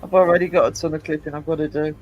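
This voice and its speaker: A man with a fairly high voice hosts a casual live-stream chat. He sounds hoarse from just waking up, and he laughs easily while teasing his guests. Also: steady tone, racing, lo-fi sound. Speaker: host.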